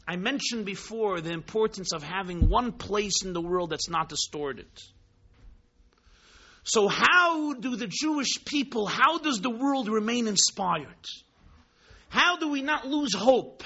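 A man telling a story in a sermon, dramatic, swinging between hushed tones and exclamations, mixing in Hebrew and Yiddish terms. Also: very high voice. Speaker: rabbi teaching Chassidus. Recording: dull lo-fi recording.

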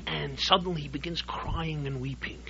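A man teaching a Torah class as a rabbi, telling a story in an animated way that swells to emphatic peaks. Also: fairly high pitch, moderate pace, gravelly. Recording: dull lo-fi recording with faint hum.

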